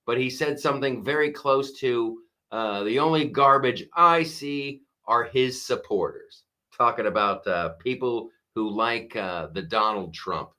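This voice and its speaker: A middle-aged man hosting a live-stream podcast, talking in an animated, mocking way and laughing often. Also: medium pitch, a little slow. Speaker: podcast host. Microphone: wearing a strapped headset or mic.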